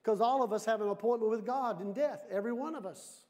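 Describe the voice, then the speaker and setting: Pastor guy preaching, high voice, keeps asking the crowd questions. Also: quick pace. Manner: lively, asks the audience questions. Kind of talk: sermon.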